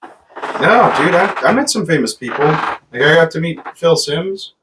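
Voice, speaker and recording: A man's voice: a little high, lively intonation, a little slow. A man hosting a comedy podcast, chatting casually and throwing in dry quips. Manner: dry wisecracks and short jokes. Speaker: podcast host. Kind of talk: casual chat. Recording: slightly distant mic with faint noise.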